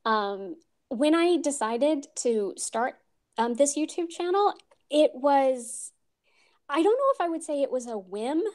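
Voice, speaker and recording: A woman's voice: high voice, darkish tone. Bashful American woman, youthful voice. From United States. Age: 30s. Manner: bashful and giggly, youthful-sounding. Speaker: guest, story narrator. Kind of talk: casual interview chat.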